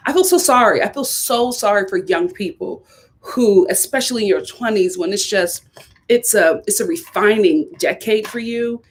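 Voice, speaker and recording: Philly woman chatting on a live stream, animated, laughs a lot, repeats herself. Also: medium pitch, moderate pace. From Philadelphia. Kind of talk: casual live chat.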